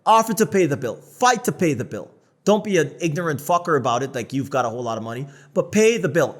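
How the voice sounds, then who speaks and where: A North American man co-hosts a casual podcast. His voice sits a little high, and he talks bluntly, swears freely, and shifts between loud, animated bursts and lower asides. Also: quick pace. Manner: blunt, profane, animated storytelling. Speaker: podcast co-host.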